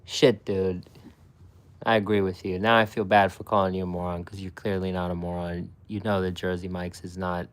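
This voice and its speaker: A man's voice: low voice, flat delivery, normal speed. A young man streaming live, chatting casually with his viewers and swearing a lot. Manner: profane, talks to chat.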